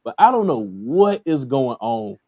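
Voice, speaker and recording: Man, Southern US accent, casual review host, laid-back, lots of fillers, very lively pitch, dry close sound. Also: measured pace, dry recording. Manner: laid-back, lots of fillers, laughs at his own remarks. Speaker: podcast host reviewing a TV episode.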